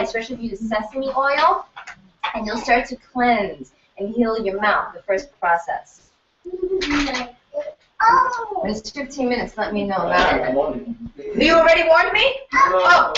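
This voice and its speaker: Animated woman workshop leader, bright and high; muffled distant recording, faint hiss. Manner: animated, quizzes the audience with questions. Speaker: health practitioner leading a cleanse orientation. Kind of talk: lively workshop lecture to a live audience. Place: event room in New York City. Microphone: distant room mic. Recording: echoey room, distant mic, muffled, faint noise.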